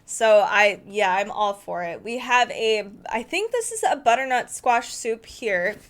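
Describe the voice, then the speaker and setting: A woman with a slightly high voice talks through a cookbook as she flips its pages. She is eager and chatty, thinking aloud and catching her own slips. The tone is a casual home review. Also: animated, a little slow. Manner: enthusiastic, thinking aloud, self-correcting. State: arm tired from holding a heavy book.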